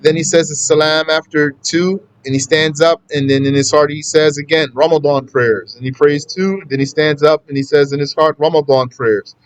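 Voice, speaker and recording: A man's voice: on the high side, level tone, fairly quick, few pauses, clear, resonant tone. A man teaching a casual religious lesson, talking conversationally and repeating his points for emphasis. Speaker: Islamic teacher.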